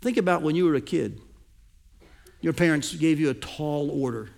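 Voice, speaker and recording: Male pastor, raised pitch with a raspy fry, preaching with big dynamic swings. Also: moderate pace. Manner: animated preaching, swings from loud emphasis to near-whisper. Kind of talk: sermon.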